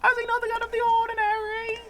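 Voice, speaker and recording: A gamer putting on a squeaky, prim British-accented voice for a robot sidekick. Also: completely flat delivery, quick pace, fairly bright tone, soft background music. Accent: put-on British.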